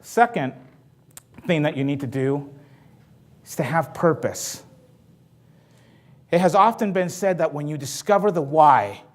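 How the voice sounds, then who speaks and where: A man giving a motivational talk to an audience, telling stories in a lively, jokey way. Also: on the high side. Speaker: motivational speaker.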